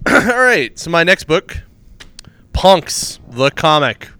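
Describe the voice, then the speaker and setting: A man's voice: fairly high pitch, sing-song, takes it slowly, pushed and bright, clean tone, dry recording. A man co-hosting a casual comic book chat, rambling through plot retellings and laughing at his own jokes. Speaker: podcast co-host reviewing comics.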